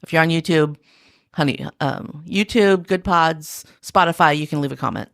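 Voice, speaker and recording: Low-voiced woman hosting a podcast. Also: normal speed, vocal fry. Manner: addresses listeners directly, steers the talk. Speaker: podcast host. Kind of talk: casual podcast chat.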